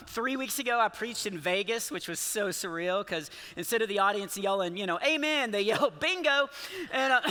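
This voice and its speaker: A man in his forties performs a stand-up comedy set in a large church auditorium. His voice sits high and very bright, and he keeps restarting his sentences with small chuckles. A long hall reverb trails after his words. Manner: rambling, self-interrupting, chuckling storyteller.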